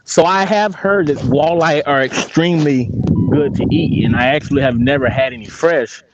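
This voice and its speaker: An excitable man with a high voice, exclaiming and swearing as he talks on a fishing boat outdoors. The sound is dull and lo-fi, with clear noise underneath. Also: moderate pace. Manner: exclaims loudly, swears, calls people bro and dude. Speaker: angler. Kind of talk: excited casual chat while fishing.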